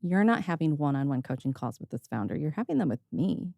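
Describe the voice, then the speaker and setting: A woman hosting a podcast in relaxed, candid talk, slipping in the odd swear word. Her voice sits a little low, and the sound is close and dry with no room in it. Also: quick pace, vocal fry, no echo. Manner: candid, chatty, swears casually; laughs often. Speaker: podcast host. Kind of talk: casual conversational chat.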